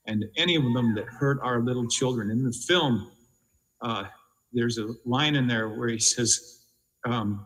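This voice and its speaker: A man with a husky voice giving an impassioned, halting speech at a conference. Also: mid-range voice, fairly bright tone, in a large hall, rough recording. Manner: fervent, halting, with restarts. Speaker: conference speaker. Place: large conference hall.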